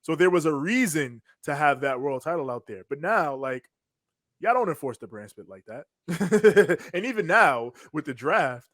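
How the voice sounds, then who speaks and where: A man's voice: a little high, expressive, unhurried, a bit bright, dry recording, clean studio sound. A man co-hosting a podcast, animatedly recapping wrestling in casual slang and acting out quotes. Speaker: podcast co-host.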